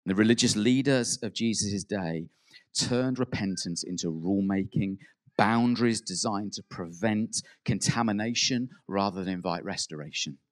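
Man, preacher, sermon, earnest, emphatic peaks, soft drops. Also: lowish voice, moderate pace. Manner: acts out quoted prayers.

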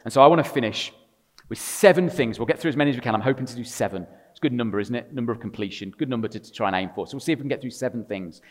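A man preaching a sermon to a congregation, swinging between loud emphatic passages and quiet, intimate storytelling with a touch of wry humor. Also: medium pitch, rapid-fire. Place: church. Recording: long reverb of a large room.

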